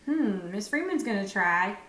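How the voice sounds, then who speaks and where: A woman teacher giving a phonics lesson to young children, encouraging and sounding out words with pauses. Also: mid-range voice, lively intonation, fairly bright tone. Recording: echoey room.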